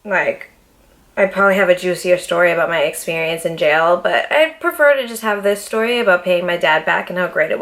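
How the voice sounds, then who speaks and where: A young adult woman talks straight to her viewers in a loose, chatty vlog voice that sits a little low. She swears often and leans on fillers as she tells her story. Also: vocal fry, fairly bright tone. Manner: blunt, profane, chatty with many fillers. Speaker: vlogger. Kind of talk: casual storytelling to camera.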